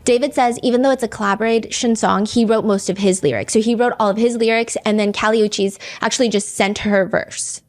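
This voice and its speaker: A woman's voice: on the high side, fairly even intonation, a little fast, few pauses, darkish tone. A woman hosting a true-crime podcast, chatting casually and reading lyrics and comments aloud. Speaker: podcast host.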